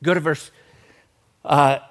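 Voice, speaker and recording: Male pastor, higher register, lively jokey sermon delivery. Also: slow. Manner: animated, jokey, talks straight to the congregation.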